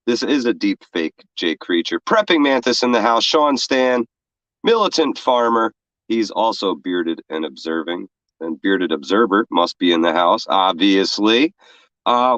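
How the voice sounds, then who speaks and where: Man with a stuffy cold, New York accent, low voice with big swings, dull dry sound. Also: fairly bright tone, no echo. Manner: loose, profane, greets chat by name. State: congested with a cold. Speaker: livestream co-host. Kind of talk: casual livestream chat. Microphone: separate room, remote feed.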